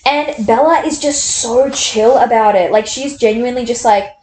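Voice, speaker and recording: A woman in her twenties chatting casually and reading aloud from a novel, animated and incredulous, rambling with lots of fillers. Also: fairly high pitch, moderate pace, slight background noise. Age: 20s. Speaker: book reviewer. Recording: roomy echo.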